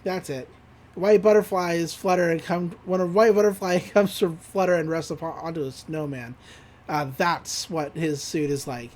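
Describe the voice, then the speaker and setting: A man with a high voice talks through an anime episode on a podcast. His retelling rambles, full of fillers and little laughs. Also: steady tone, moderate pace. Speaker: podcast co-host. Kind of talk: casual anime episode recap.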